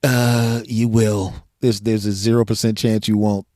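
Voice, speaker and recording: A man's voice: fairly low pitch, level tone, unhurried, mellow, dry recording, clean studio sound. A man hosting a podcast, a comedian who jokes and laughs often while telling his own stories. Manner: joking, laughs often, acts out quotes. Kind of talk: casual conversation.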